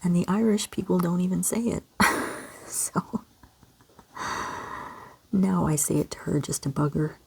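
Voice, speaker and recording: A gentle, encouraging woman from Canada, talking kids through a step-by-step drawing lesson in a soft voice. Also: lowish voice, a little slow, gravelly, pauses often, slight background noise. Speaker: children's art teacher.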